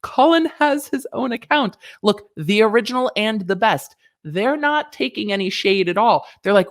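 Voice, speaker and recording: A woman's voice: medium pitch, lively intonation, moderate pace. A woman lawyer, giving sassy, playful reaction commentary on a news story, close to a desk mic. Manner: sassy, playful, chatty with asides.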